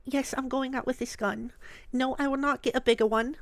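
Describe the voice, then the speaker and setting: A woman's voice: high-pitched, fairly even intonation, brisk, dry recording, voice pushed up. A woman voicing a prim, huffy young girl in a put-on British accent, reading game dialogue aloud.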